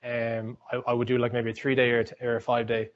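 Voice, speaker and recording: Fast-talking Irish man, lo-fi. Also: mid-range voice, completely flat delivery. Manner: rambling, chatty, many fillers and restarts. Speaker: speaker giving a talk. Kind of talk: informal talk with anecdotes. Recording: dull lo-fi sound.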